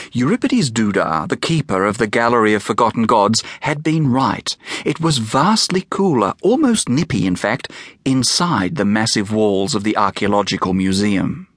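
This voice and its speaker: Male narrator for a kids' novel; animated, storytelling delivery, dry booth sound. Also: lowish voice, normal speed, no room sound. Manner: expressive, storytelling. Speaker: audiobook narrator and author. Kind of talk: scripted narration of a children's novel.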